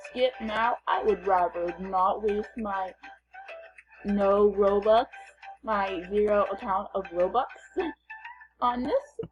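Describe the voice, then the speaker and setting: A woman's voice: mid-range voice, slow pace, husky, lo-fi sound, soft background music. A woman gamer giving casual, playful commentary as she plays, chatting and thinking aloud. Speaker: gamer vlogger.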